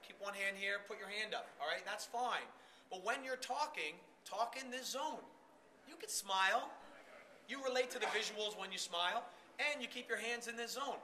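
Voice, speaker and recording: Bright high-voiced man coaching a room. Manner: energetic, demonstrative, addresses the room directly. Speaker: trade show sales trainer. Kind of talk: live workshop coaching. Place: room with a live audience.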